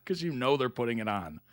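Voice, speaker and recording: A man's voice: medium pitch, no room sound. A middle-aged man hosting a reaction video, chatting in an easygoing way and laughing often. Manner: reads article text aloud plainly. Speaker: reaction channel host. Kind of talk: casual reaction commentary.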